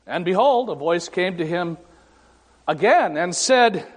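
Slow, high-voiced male pastor preaching in a hall. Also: expressive. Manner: dramatic pauses, voices scripture and God with rising emphasis. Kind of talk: sermon. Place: church sanctuary. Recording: long hall reverb.

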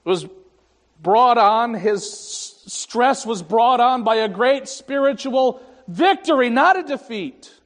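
A man preaching a sermon as pastor, slow and deliberate with dramatic pauses and wry, self-deprecating humor. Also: very high-pitched, expressive, a bit bright. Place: church sanctuary. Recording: echoey sanctuary reverb.

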